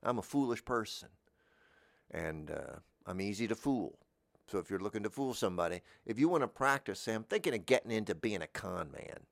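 A middle-aged podcast host with a Southern American accent delivers a comic monologue, deadpan and meandering, sometimes slipping into goofy voices. His low, gravelly voice moves fairly quickly, and the recording is dry and close with no sense of room.

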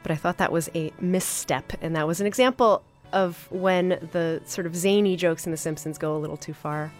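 A woman hosting a podcast, reviewing an episode in a casual, enthusiastic way with many fillers and pauses. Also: on the low side, soft background music. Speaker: podcast host.

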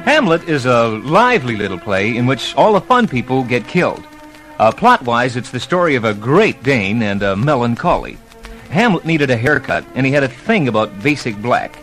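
Guy doing a deadpan radio comedy bit, lively voice, bit of music. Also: mid-range voice, moderate pace, rough recording. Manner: wry deadpan punchlines. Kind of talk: comic radio sketch. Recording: old radio recording with music.

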